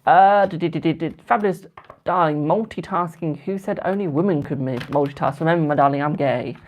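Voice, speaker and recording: Reading tarot live, a twenty-year-old Brit talks fairly quickly in a higher-pitched voice, with slight background noise. He's casual and affectionate, addressing viewers as darling and boo.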